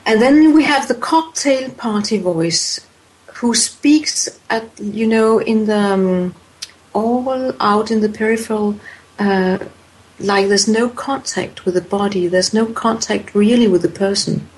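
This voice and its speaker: A woman's voice: medium pitch, slow, poor audio. A woman answering interview questions about voice types, hesitant and thoughtful, with many fillers and restarts. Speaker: voice expert guest.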